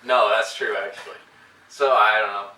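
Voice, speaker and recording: A man's voice: fairly low pitch, fairly even intonation, moderate pace, sharp tone. A young man co-hosting a casual podcast chat, joking in a dry, self-mocking way. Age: young adult. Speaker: podcast co-host. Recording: echoey room, distant mic, faint noise.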